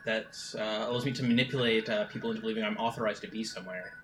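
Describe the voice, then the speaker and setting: A man taking part as a player in a tabletop role-playing game, eagerly thinking his moves through out loud. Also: fairly low pitch, fairly even intonation, rapid-fire, a little hiss or hum. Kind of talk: casual tabletop game play.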